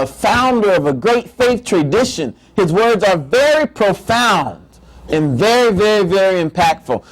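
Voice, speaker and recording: A middle-aged man, an imam, giving a playful, animated faith-based lecture to a live audience, often repeating words as he builds a point. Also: high-pitched, poor audio.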